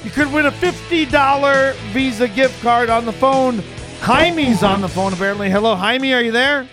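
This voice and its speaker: Guy hosting radio call-in, jokey, kinda high voice, light music under it. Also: normal speed. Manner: jokey, runs the call-in game. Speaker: radio show host. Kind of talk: casual radio chat.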